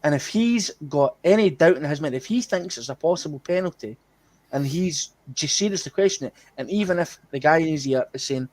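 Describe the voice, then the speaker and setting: An indignant Scottish man on a fan podcast, swearing and laughing in disbelief as he rants. His voice is a touch higher than most men's. The recording is dry and close. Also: animated, a little fast, a little mellow, no echo. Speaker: podcast co-host. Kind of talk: heated fan podcast discussion.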